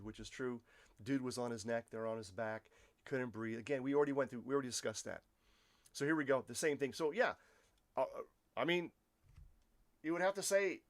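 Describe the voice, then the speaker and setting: A man giving casual, opinionated livestream commentary, firing rhetorical questions at his viewers and often restarting his sentences. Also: medium pitch. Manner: addresses viewers as folks. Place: Poland.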